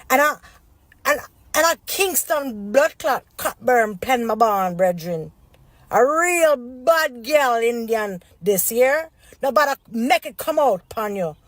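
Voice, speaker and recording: A woman's voice: high-pitched, dry recording. Angry Jamaican woman ranting, dry sound. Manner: profane, heated rant in patois. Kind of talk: social media clip.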